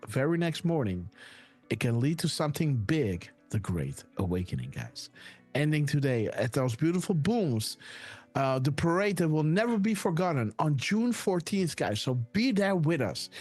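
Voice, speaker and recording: A man hosting a casual live stream, talking excitedly and tossing "right?" and "guys" into nearly every sentence. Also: medium pitch, husky. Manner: excited whoops and laughs. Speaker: host. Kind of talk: casual livestream commentary.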